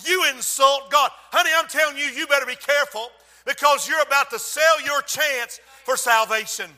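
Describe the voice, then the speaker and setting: Male preacher, very high and piercing, dramatic sermon storyteller, long hall reverb. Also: normal speed, hardly any pauses. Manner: dramatic storytelling, acts out voices, shouts.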